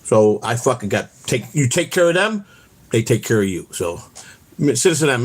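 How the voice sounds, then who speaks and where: A man's voice: mid-range voice, big pitch swings, normal speed. A middle-aged man, hosting his show, telling boastful stories in a brash, profane, rambling way. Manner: brash, boastful, swears constantly. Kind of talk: profane storytelling on a livestream.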